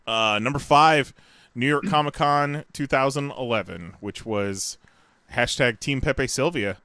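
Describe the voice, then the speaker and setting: Bright-voiced podcaster man, dry sound. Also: medium pitch, a little slow, no echo. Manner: energetic, profane, loose storyteller. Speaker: podcast co-host. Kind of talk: casual chat, reading a countdown list.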